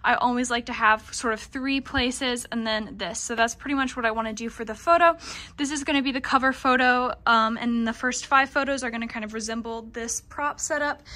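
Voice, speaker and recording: A woman's voice: a little high, pushed and bright. A woman giving a chatty vlog walkthrough of her craft studio, with lots of "um" and "like". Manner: chatty, with fillers like "um" and "like". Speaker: small business yarn dyer.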